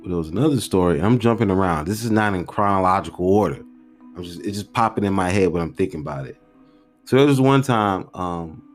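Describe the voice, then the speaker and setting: A man in his thirties hosts a casual storytelling podcast, wandering from thought to thought in a slangy, animated manner. His voice sits on the low side, with faint music underneath. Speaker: podcast host.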